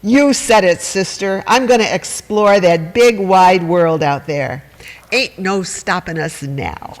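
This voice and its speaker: A brash, eager cartoon hen with a high voice, bragging about the wide world ahead, as a man reads her out. The sound rings with a long, echoing reverb. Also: takes it slowly. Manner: brash, folksy boasting. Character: perky adventurous hen in a cartoon.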